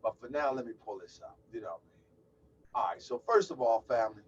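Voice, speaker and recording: A man's voice: medium pitch, fairly quick, slight background noise. A man hosting a call-in livestream, chatty and loose, exclaiming and laughing as he sets up. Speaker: host of a call-in show. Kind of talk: casual livestream talk. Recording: distant, dull lo-fi mic.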